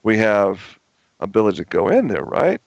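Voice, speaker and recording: Male radio guest, storytelling, halting and repetitive; dry, muffled lo-fi audio. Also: on the low side, huge pitch swings, gravelly, dry recording. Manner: rambling, many restarts and repetitions. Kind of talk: radio talk show storytelling.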